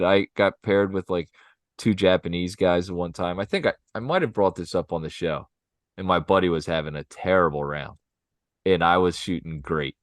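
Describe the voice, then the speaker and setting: A man's voice: sits low, no echo. A man co-hosting a podcast, telling stories in casual chat and often asking "you know what I mean?". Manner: animated storyteller, 'you know what I mean', ham impressions. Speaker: podcast co-host.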